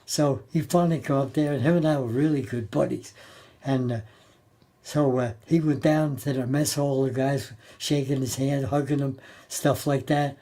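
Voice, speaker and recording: An older man recalling his time as a Navy sailor in a halting, plain-spoken way, often repeating and restarting his words. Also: medium pitch, steady tone, mellow. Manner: plain-spoken, colloquial grammar. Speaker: Navy veteran interviewee. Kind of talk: oral history storytelling.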